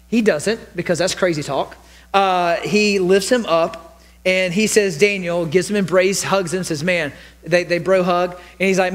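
A man preaching a sermon as pastor, telling the story with animated storytelling and acting out the quoted lines. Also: high voice, moderate pace. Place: church sanctuary. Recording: long reverb of a church hall.

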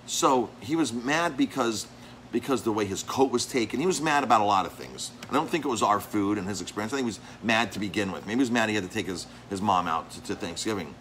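A man, a restaurant owner and chef, talking casually and telling animated stories about difficult customers, often repeating words and acting out the arguments. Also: medium pitch, a little hiss or hum. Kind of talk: casual vlog monologue. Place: his restaurant.

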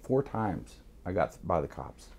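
Here a middle-aged man from Miami, appearing as an interview guest, spins a casual yarn full of swearing and street smarts, animatedly re-enacting the characters' voices. He speaks low and a little slowly, with a breathy edge.

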